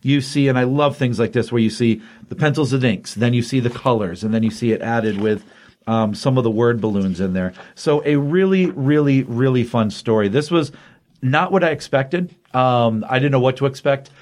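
Comic podcast co-host, a man, casual and animated. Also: mid-range voice, normal speed. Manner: animated retelling with acted quotes. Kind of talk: casual comic review chat.

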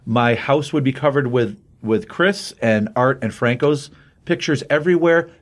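A man's voice: medium pitch, a little slow. Enthusiastic man recapping comics. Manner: enthusiastic, rambling with fillers and restarts. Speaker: comic book podcast co-host. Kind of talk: casual chat, recapping a comic.

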